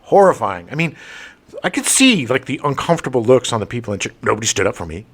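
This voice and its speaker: A middle-aged man co-hosting a casual podcast, his voice leaping up and down as he spins a story. He talks in an everyday register, animated and quick to laugh. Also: medium pitch, breathy edge. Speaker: podcast co-host.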